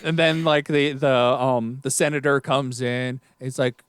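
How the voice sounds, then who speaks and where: A man's voice: medium pitch, fairly even intonation, measured pace, hardly any pauses, smooth, dry recording. A man co-hosting a podcast in easygoing, rambling casual chat. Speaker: podcast co-host.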